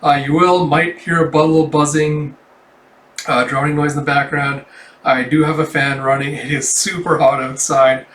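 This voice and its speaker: A man's voice: on the high side, level tone, moderate pace, a bit bright. A man reading a comic aloud at home and chatting casually, with loose, rambling speech full of fillers. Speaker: comic reader and commentator. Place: room at home. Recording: roomy, distant mic.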